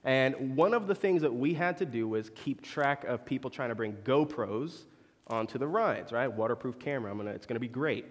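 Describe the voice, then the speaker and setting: A man's voice: mid-range voice, expressive, a little fast, in a large hall. A young man preaching a sermon as a conversational story, with joking asides to the congregation.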